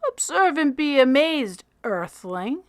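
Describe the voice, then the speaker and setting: A woman's voice: high voice, sing-song, takes it slowly, dry recording, clean studio sound, pitched above the performer's own voice, heavily acted. A woman reading aloud and voicing a small, fiercely clever boy who speaks in formal, dictionary-like words. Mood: showy.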